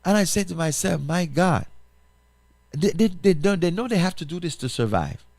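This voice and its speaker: A pastor hosting a talk show, speaking, makes an impassioned appeal full of repetition and rhetorical questions. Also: male voice, sits high, animated, moderate pace, creaky, darkish tone, dry recording. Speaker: pastor and radio show host.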